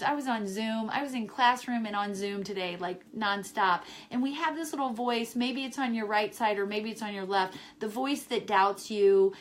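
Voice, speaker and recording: A woman on a live stream from home, talking to viewers in a warm, encouraging way and repeating her key phrases. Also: fairly high pitch. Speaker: wellness vlogger selling essential oils. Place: home in Chicago, indoors.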